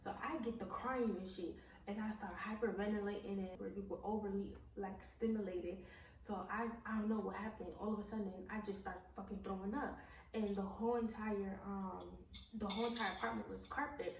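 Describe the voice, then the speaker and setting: A woman's voice: medium pitch, fairly even intonation, fairly quick. Cursing woman telling a story in a roomy echo. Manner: blunt and heavy on profanity, many fillers like "like" and "um". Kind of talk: casual storytime vlog. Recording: roomy echo, mic at a distance, faint background noise.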